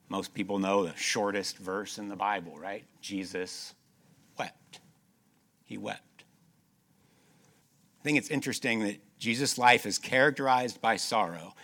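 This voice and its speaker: A man preaching a sermon, moving between loud emphatic stretches and soft, slowed passages, repeating key phrases and asking the congregation rhetorical questions. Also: on the low side.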